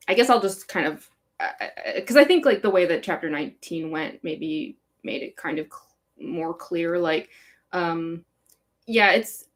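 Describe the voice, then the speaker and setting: A young woman from Chicago with a California-sounding accent, chatting casually on a live Q&A with a rambling, giggly valley-girl manner full of likes and ums. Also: fairly low pitch. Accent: California-sounding American. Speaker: fanfic author hosting a live Q&A. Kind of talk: casual livestream chat.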